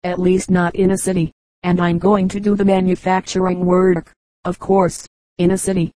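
Easygoing older teen boy, chatty, dark low tone, woman reading him. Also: flat delivery, normal speed, no echo, lightly acted. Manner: easygoing, cheerful. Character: cheerful older teenage boy from the West.

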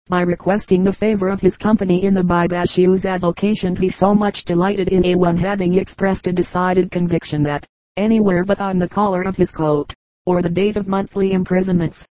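A woman reading a classic novel aloud as an audiobook narrator, in a steady, even reading voice. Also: on the low side, no room sound, rough recording. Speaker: audiobook reader. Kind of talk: scripted narration.

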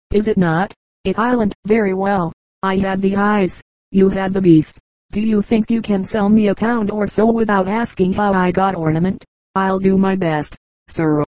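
A woman reading a book of short jokes aloud, moving quickly between narration and quoted speakers. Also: medium pitch, a little mellow, no room sound, low-quality recording. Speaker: audiobook reader.

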